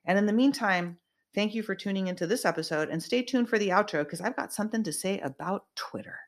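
A woman's voice: medium pitch, quick pace. A woman hosting her own show, talking casually in a rambling, emphatic way with lots of ums and uhs. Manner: rambling, emphatic, with many fillers. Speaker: podcast host. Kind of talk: casual monologue.

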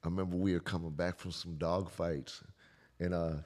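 A man's voice: low voice, little pitch movement, normal speed, darkish tone. A man co-hosting a podcast, joking crudely in casual chat. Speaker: podcast co-host.

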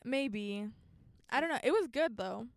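A woman's voice: fairly high pitch, lively intonation, unhurried, dry recording. A young woman co-hosting a casual podcast chat, giggly and full of "like" fillers. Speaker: podcast co-host. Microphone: studio mic, close and dry.

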